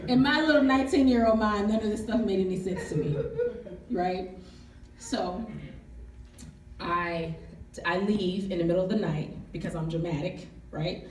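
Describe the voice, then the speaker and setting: A woman's voice: mid-range voice, big pitch swings, unhurried, slight background noise. A woman, telling a candid, humorous story to a live audience at a book event. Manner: candid, humorous, testifying, calls for audience response. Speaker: author and speaker. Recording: echoey hall, distant mic, audience.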